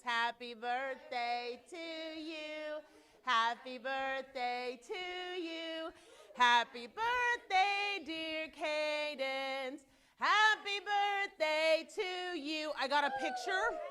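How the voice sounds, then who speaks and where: A woman teaching a children's Sunday school class, bubbly and teasing, talking fast as she jokes with the kids. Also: a little high, fairly bright tone. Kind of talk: children's class, lively and playful.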